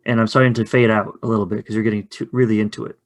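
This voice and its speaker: A man casually running a two-player tabletop game, chatty and quick to laugh. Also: lowish voice, little pitch movement. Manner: chatty, laughs often, loose. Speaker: game facilitator. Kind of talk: casual actual-play chat.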